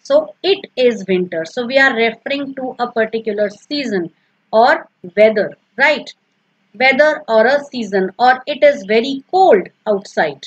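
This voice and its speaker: A woman's voice: fairly high pitch, lively intonation, unhurried, husky, lo-fi sound. A woman teaching a recorded grammar lesson, patiently repeating each example and explaining step by step.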